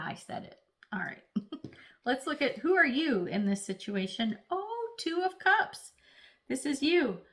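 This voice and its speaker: A woman giving a casual, chatty tarot reading, playfully acting out little voices as she talks. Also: medium pitch. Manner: speaks of herself as an earth sign. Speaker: tarot reader.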